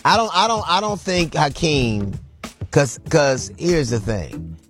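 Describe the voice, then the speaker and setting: A man hosting a radio show, chatting casually in an animated, joking way with frequent restarts. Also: fairly high pitch, takes it slowly, faint music behind. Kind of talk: casual talk-radio banter.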